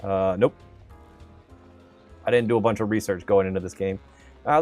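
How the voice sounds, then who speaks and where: A man's voice: lowish voice, a little mellow, no room sound. A man casually narrating his video game play, with wry, sarcastic asides. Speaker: gamer host. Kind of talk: gameplay commentary.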